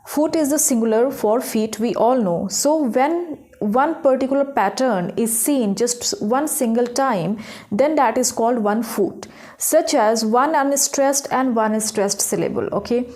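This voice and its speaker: A woman's voice: a little high, unhurried, warm tone. A young woman giving a recorded literature lecture, explaining step by step and checking in with "okay?" and "right?". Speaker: English literature teacher.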